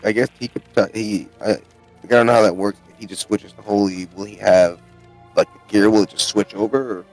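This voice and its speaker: A man's voice: on the low side, steady tone, fairly quick, a little mellow, faint music behind, poor audio. Rambling male game streamer. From United States. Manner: rambling, explains at length. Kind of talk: casual gaming chat.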